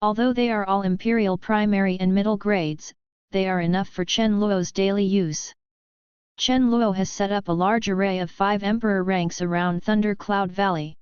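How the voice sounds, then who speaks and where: A woman narrates a fantasy audiobook in a steady, even voice. Her tone is very smooth and crisp. The recording is dry and has a slightly dull, lo-fi sound. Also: medium pitch, moderate pace, no room sound.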